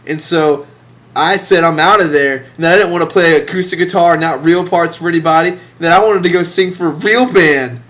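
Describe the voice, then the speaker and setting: A man's voice: on the high side, a little fast, fairly bright tone. Sarcastic young man, boastful mock story. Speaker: band member telling a mock story.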